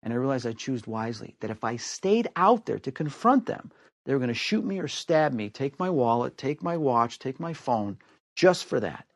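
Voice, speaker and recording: Animated American man telling a story. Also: moderate pace, no room sound, clean studio sound. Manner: acts out quoted voices with big pitch swings. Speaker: storyteller guest.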